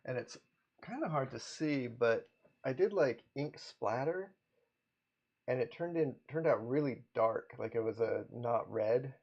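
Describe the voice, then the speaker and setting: Laid-back guy with a gravelly voice, chatting with his stream, kinda muffled lo-fi audio. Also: mid-range voice, measured pace. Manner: relaxed, greets chat by name, chuckles often. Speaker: livestream host, comic artist. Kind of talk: casual livestream chat.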